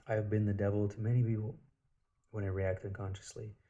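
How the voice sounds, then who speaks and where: A man's voice: lowish voice, flat delivery, fairly quick, warm tone, lo-fi sound. A man telling stories in a rambling, casual monologue, swearing freely. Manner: rambling, profane storytelling.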